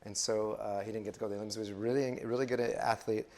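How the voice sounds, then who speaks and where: A man's voice: on the low side, steady tone, racing, darkish tone. A man in his fifties from West Texas, a missionary telling his own life story in a sermon, with many fillers and restarts. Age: 50s. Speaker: missionary speaker. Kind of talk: personal testimony in a sermon.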